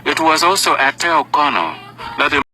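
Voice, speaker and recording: A man giving scripted documentary narration in a measured, formal manner. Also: a little high, sing-song, rough recording.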